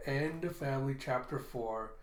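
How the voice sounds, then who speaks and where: A man's voice: mid-range voice, darkish tone. A man hosting a casual comic readthrough, retelling the pages loosely in his own words. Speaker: streamer reading a comic. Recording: roomy echo.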